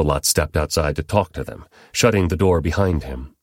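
Deep-voiced man reading scripture. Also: dry recording, studio quality. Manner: steady, measured narration. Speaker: Bible reader.

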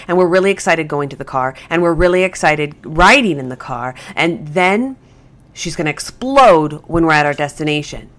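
A woman's voice: deep voice, fairly bright tone. A woman who trains dogs, explaining the training step by step in a podcast monologue. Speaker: dog trainer.

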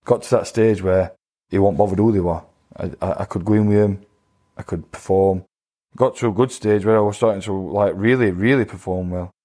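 A middle-aged man, a former boxer telling rambling stories in a relaxed interview and often laughing along. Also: deep voice, brisk. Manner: rambling anecdotes with laughing asides. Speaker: boxing guest. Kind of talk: casual storytelling chat.

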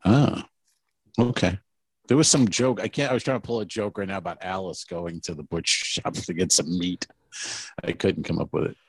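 A man with a lowish voice chats loosely on a comedy podcast, recorded close and dry with no room sound. He rambles through his stories with animated asides and quick quoted voices. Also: creaky, husky, no room sound. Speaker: podcast co-host. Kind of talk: casual comedy podcast chat.

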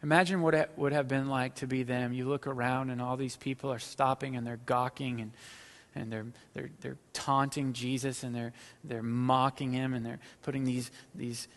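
A male pastor at mid pitch delivers a sermon, reading scripture and then pressing his points with slow, weighted pauses. His lines often sink to a near hush. The voice carries a long reverb tail, as in a large church sanctuary. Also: little pitch movement. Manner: reads scripture then preaches with slow, emphatic pauses and quiet, hushed lines.

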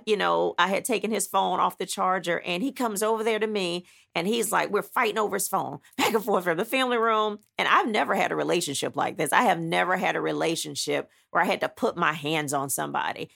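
A woman with a deeply gravelly, fry-heavy voice tells her own story as an author. She is blunt and emphatic, dramatizing each step with frequent asides. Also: fairly quick, a bit bright. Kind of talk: animated personal storytelling.

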